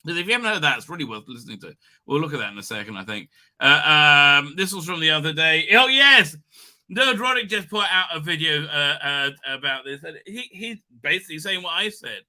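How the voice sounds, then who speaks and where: Hoarse, bright-voiced man rambling. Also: on the high side, lively intonation, brisk. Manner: rambling, many restarts and fillers. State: hoarse from illness. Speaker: livestream host. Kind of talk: casual livestream commentary.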